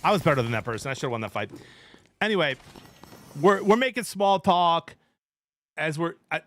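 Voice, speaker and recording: A man's voice: a little high, expressive, normal speed, a bit bright, a little hiss or hum. A man in his thirties, a streamer, telling a rambling story in casual chat with his viewers.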